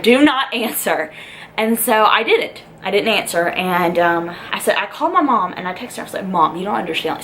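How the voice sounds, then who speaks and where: A woman's voice: on the low side, a bit bright, a little hiss or hum, poor audio. A young woman tells a personal story in a vlog. She rambles and fills her talk with "like" and "um". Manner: chatty and rambling, lots of "like" and "um". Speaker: vlogger.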